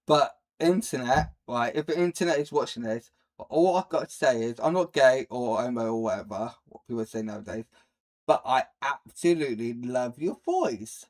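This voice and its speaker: A young man giving casual, rambling reaction commentary, blunt and jumping between loud outbursts and low mutters. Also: lively intonation, normal speed. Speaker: streamer reacting to a video.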